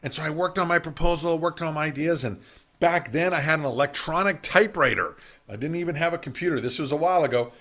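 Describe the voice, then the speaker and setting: A middle-aged man, a business speaker, telling a story in a summit talk in an animated way and acting out the voices he quotes. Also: fairly high pitch, fast talker. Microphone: video call.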